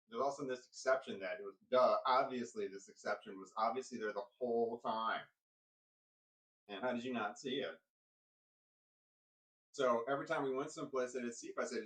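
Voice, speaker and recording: A man telling a personal story in a rambling, halting way, often restarting his sentences. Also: medium pitch, recorded from a distance, poor audio.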